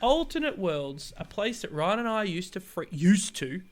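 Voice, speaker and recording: An Australian man co-hosting a podcast, telling stories in a lively, exasperated way with sudden outbursts. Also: moderate pace. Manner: animated, exasperated storytelling with sudden high outbursts. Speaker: podcast co-host. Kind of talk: casual chat.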